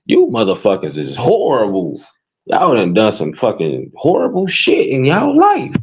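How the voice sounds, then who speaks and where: A man with a Chicago accent ranting in profane, animated commentary, his voice jumping into high squeals. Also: measured pace, slightly rough. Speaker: commentary streamer. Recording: dull lo-fi sound.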